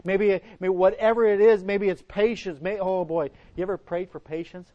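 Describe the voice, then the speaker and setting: A middle-aged pastor with a notably high voice preaches in a homely, meandering way, often stopping and restarting his sentences. The sound is muffled and lo-fi. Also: steady tone, normal speed, hardly any pauses, warm tone. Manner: folksy, rambling, frequent restarts. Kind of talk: sermon with personal story. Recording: dull lo-fi recording.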